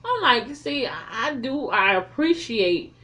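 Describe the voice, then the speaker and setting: A woman reviewing a film in a casual, profane recap, telling the story in an animated way with heavy slang. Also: a little high, unhurried.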